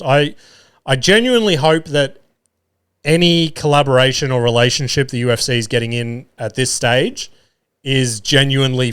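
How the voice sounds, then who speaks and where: Male podcast host, smooth clear voice, loose rambling chat, frequent cursing and filler words. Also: mid-range voice, a bit bright. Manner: rambling, swears freely, many fillers; loses his words mid-thought. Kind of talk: solo casual chat.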